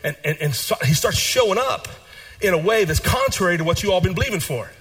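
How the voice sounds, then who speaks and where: A pastor with a high, slightly rough voice preaches at a quick pace, repeating phrases and swinging between hushed and animated delivery.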